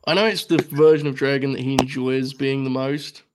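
A man's voice: medium pitch, fairly even intonation, moderate pace, background noise. A man co-hosting a podcast, giving his opinion in casual chat in a thoughtful, hesitant way. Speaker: podcast co-host.

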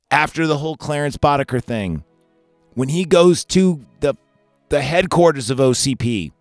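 A man hosting a podcast, talking through his favorite movie endings in a rambling, excitable way and swearing often. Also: on the high side, no echo. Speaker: podcast host. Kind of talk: casual movie ranking chat.

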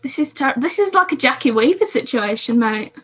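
A woman's voice: sits high, expressive, a little fast, a bit bright, slightly rough. A woman co-hosting a casual podcast, chatting about TV shows from her notes. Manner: chatty, reads from notes, self-interrupting. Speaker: podcast co-host.

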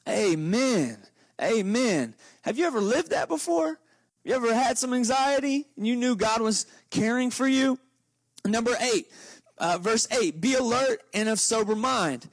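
A man preaching a lively, conversational sermon to his congregation, openly excited and talking casually between scripture readings. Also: very high voice, normal speed, no echo. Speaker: pastor.

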